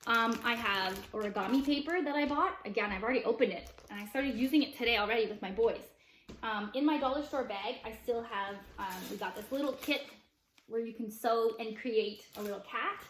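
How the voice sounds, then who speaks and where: A woman's voice: fairly high pitch, brisk, a bit bright, roomy sound, a little hiss or hum. A woman, a mother vlogging, chatting upbeat to camera with plenty of fillers. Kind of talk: casual chat to camera.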